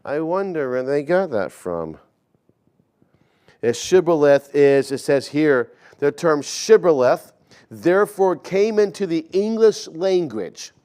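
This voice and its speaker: A man preaches a relaxed teaching sermon. His voice sits on the higher side, and he takes an unhurried pace. He keeps turning to the congregation with friendly asides. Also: clean tone.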